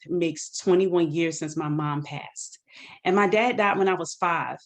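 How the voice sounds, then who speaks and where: A woman author giving an earnest personal testimony about grief on a video call, sometimes quoting scripture. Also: fairly low pitch. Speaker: guest author.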